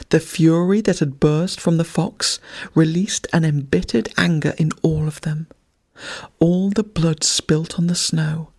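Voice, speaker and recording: A narrator reads a bedtime story slowly in a soft, half-whispered voice. The tone is gravelly and husky, and the recording is dry and close. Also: mid-range voice, no room sound. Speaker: audiobook narrator.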